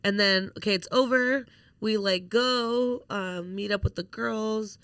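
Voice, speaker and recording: A woman's voice: mid-range voice, measured pace, dry recording. A young woman co-hosting a podcast, telling a story in casual chat with lots of swearing and acted-out quotes. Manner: animated storytelling, swears freely, acts out quotes. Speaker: podcast co-host.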